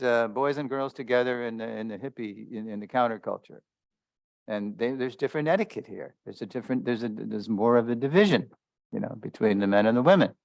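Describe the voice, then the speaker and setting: A man's voice: mid-range voice, creaky, a little mellow, no echo. A man giving a spiritual lesson as a story, talking loosely with many fillers and small chuckles. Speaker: spiritual teacher. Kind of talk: storytelling lecture.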